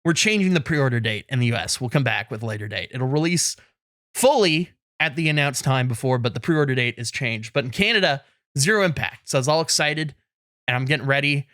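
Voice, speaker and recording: A man co-hosting a podcast, telling a self-deprecating story in a lively way and laughing often. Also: mid-range voice, fairly quick, dry recording, clean studio sound. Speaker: podcast co-host. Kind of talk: casual podcast chat. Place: in Canada.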